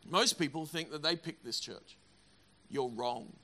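High, bright-voiced pastor. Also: male voice, a little slow. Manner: energetic, emphatic, repeats words. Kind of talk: sermon.

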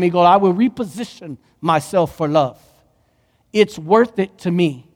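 Impassioned high-voiced male preacher. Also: unhurried, long reverb tail. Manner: impassioned preaching, swings from hushed to loud. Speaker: pastor. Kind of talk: sermon.

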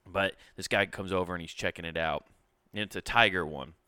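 A man's voice: sits low, a little fast, sharp tone, clear, resonant tone, dry recording. Laid-back, cussing man telling a story. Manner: laid-back, profane, rambling with many restarts. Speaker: podcast host. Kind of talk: casual storytelling monologue.

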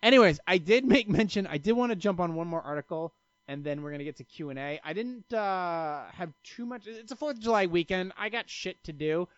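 A man's voice: sits high, lively intonation, brisk, dry recording. A man hosting a casual solo podcast, telling rambling stories full of profanity and restarts. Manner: rambling, profane, self-interrupting storyteller. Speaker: podcast host. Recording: dry, slightly dull lo-fi sound.

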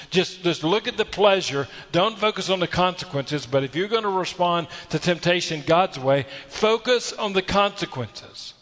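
A man's voice: fairly high pitch, a bit bright, in a large hall. A man preaching a sermon, exhorting earnestly with repeated phrases and rhetorical questions. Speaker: pastor.

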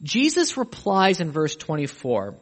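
A man's voice: a little high, huge pitch swings, measured pace. A man preaching a sermon, emphatic and pressing questions on his listeners. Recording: echoey hall with long reverb.

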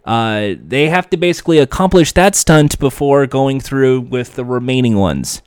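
A man giving casual, animated commentary, acting out quoted lines as he goes. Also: mid-range voice, normal speed, smooth, no echo, clean studio sound. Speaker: reality TV commentator.

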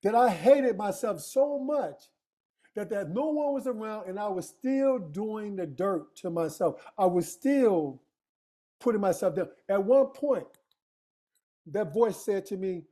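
A man's voice: sits high, expressive, measured pace, warm tone. A man telling a personal story in casual conversation, emphatic and street-casual, full of rhetorical questions to his listener. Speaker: guest.

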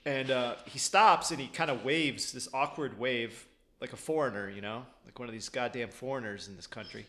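A man's voice: mid-range voice, moderate pace, pushed and bright, a little hiss or hum. A man in casual chat telling a rambling story with many restarts and swearing.

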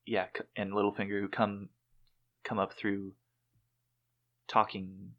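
A man's voice: on the low side, little pitch movement, measured pace, fairly bright tone. A man in laid-back casual chat, chiming in with short remarks and dry jokes. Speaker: podcast co-host.

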